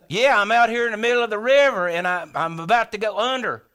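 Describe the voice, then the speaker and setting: A man spins a comic tall tale. His voice sits high, and he tells it in a folksy, animated way, voicing his own panicked thoughts as he goes. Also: quick pace, hardly any pauses, smooth. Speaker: storyteller. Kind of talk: humorous tall tale told on stage.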